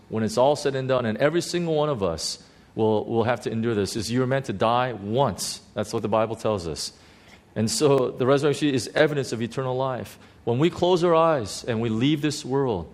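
A middle-aged male pastor preaching a sermon, halting with many fillers and dropping soft and slow at heartfelt moments. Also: medium pitch, expressive.

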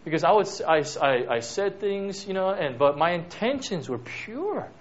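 A man's voice: sits high, sing-song, moderate pace. Conversational male preacher, lo-fi sound. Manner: peppers talk with "right?" and "you know". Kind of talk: conversational sermon. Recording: dull lo-fi recording.

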